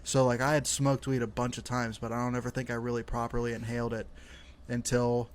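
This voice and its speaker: A young man in the middle of his natural pitch range tells a casual podcast story. He rambles, leans on "like" constantly and swears freely as he talks. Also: completely flat delivery, a little fast, slight background noise. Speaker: podcast co-host.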